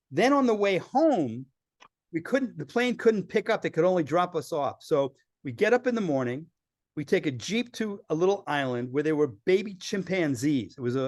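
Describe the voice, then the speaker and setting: A man telling lively travel stories as a podcast guest, acting out the people he quotes. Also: fairly high pitch, no echo, clean studio sound. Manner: animated storyteller acting out quoted voices. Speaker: filmmaker guest. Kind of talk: storytelling in a podcast interview.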